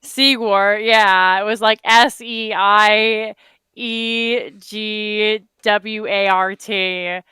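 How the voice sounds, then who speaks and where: A woman's voice: mid-range voice, fairly even intonation, very slow, pushed and bright, clean tone, no echo. A woman co-hosting a reaction video, telling rambling stories in casual chat and correcting herself as she goes. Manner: rambling, self-correcting storyteller. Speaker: co-host.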